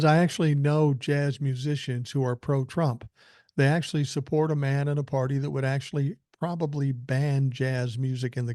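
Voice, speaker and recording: A man's voice: medium pitch, mellow, no room sound. An older man hosting a podcast, telling blunt, profane stories in casual chat. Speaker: podcast host. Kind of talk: casual commentary.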